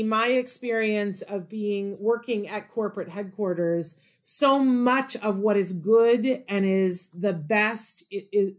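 A woman colleague telling a playful, self-deprecating story in conversation. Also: mid-range voice. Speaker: colleague at headquarters. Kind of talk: chatty anecdotal conversation.

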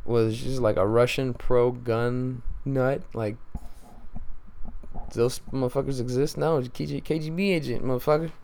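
A man with a gravelly, dark voice rants alone on his podcast, cursing freely and circling back on his points. He sounds tired and exasperated. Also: mid-range voice, fairly even intonation, unhurried. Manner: profane, rambling, exasperated. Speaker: podcast host. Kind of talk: casual solo rant.

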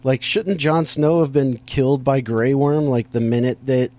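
A man in casual chat about a TV show, chiming in with quick jokes and questions. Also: medium pitch, steady tone, a little mellow.

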